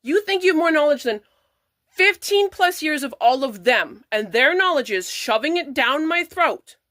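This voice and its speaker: Young mom crying and cussing thru an angry rant, high voice, bright, dry close sound. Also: female voice, lively intonation, dry recording. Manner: angry, profane, fast venting. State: tearful. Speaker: parent vlogger. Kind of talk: emotional rant to camera.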